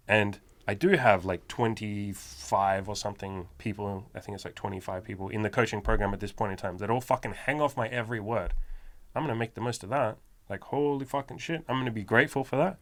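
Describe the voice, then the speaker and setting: A man's voice: fairly low pitch, a bit bright. Blunt, swearing male motivational coach. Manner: blunt, profane and emphatic. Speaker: self-improvement coach and podcast host. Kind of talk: motivational podcast talk.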